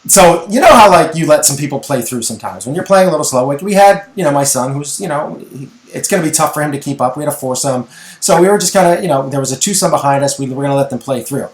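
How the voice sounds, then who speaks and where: A middle-aged man co-hosting a podcast, telling a story in casual, animated chat. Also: on the high side, quick pace. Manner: animated storyteller, acts out voices in anecdotes. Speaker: podcast co-host. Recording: echoey room.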